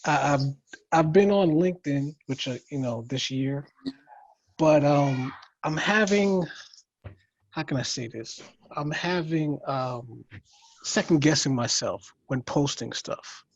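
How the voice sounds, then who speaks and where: A man in a writing workshop speaking hesitantly over a video call, with halting phrases and many fillers. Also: a little high, no echo, muffled recording. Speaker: workshop participant. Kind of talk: casual chat.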